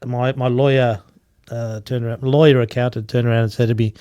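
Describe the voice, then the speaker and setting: A man's voice: medium pitch, little pitch movement, fairly quick, mellow, clear, resonant tone, dry recording, clean studio sound. A man chatting casually as a guest, telling stories about running a bar and laughing at his own anecdotes. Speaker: guest, former bar owner. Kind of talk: casual storytelling chat.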